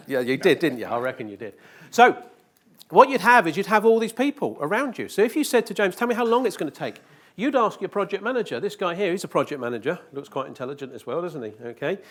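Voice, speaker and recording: A man's voice: on the high side, big pitch swings, fairly quick, a bit bright. A man giving a live conference presentation, joking with the audience and asking rhetorical questions. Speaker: conference speaker. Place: conference hall.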